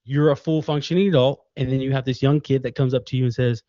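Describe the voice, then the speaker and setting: A man in his thirties tells lively stories about fatherhood, slipping into the voices of the people he quotes. His voice sits at a middle pitch and comes through a dry, slightly muffled call line. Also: quick pace, no room sound. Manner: animated storytelling, acts out quoted voices. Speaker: podcast guest, father. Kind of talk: casual conversation.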